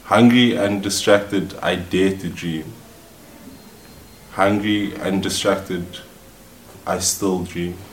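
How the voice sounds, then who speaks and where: A man reciting spoken word poetry in a slow, brooding way. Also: sits low, fairly even intonation, slight background noise. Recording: echoey room with faint ambience.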